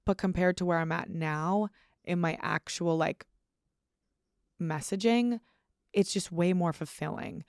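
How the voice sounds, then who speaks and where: Girl in her 20s rambling on her podcast, kinda low voice, lots of "like", swears, dead dry sound. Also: a little slow, gravelly, long pauses, clear, resonant tone, no room sound. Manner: candid, swears freely, heavy use of "like". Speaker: podcast host. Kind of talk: casual solo podcast monologue.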